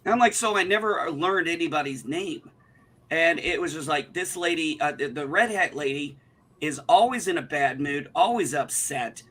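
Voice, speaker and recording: A man's voice: a little high, lively intonation, moderate pace, a bit bright. A man, telling an indignant, profane story in casual chat on a livestream. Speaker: livestream co-host.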